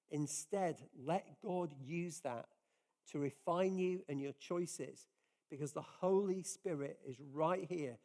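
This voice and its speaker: Pastor guy preaching, earnest and chatty, fairly high mellow voice. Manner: earnest, conversational preaching with frequent restarts. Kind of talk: sermon. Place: church service.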